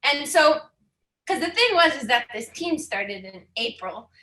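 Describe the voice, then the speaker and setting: A woman in her thirties from Saskatchewan tells her personal story to an audience, candid and chatty, breaking into laughter and growing emotional now and then. Her voice is bright and sits a little high. The room around her echoes. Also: sing-song, unhurried. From Saskatchewan, Canada. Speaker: guest speaker.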